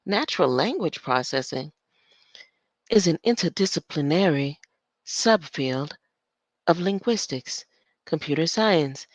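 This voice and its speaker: A woman's voice: on the low side, dry recording, dull audio. An older woman thinking aloud as she reads from her screen, rambling with muttered asides and sudden exclamations. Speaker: solo streamer.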